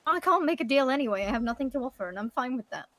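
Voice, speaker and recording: A woman's voice: high-pitched, lively intonation, racing, bright, forceful tone, no echo. A woman role-playing a blunt, hot-tempered character who stammers, swears and keeps apologizing. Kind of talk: improvised role-play chat.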